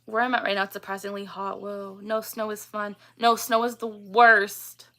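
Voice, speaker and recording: A woman's voice: medium pitch, little pitch movement, moderate pace, a bit bright. A woman, hosting a casual livestream and chatting as she reads out and answers viewer comments. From Canada. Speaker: livestream host.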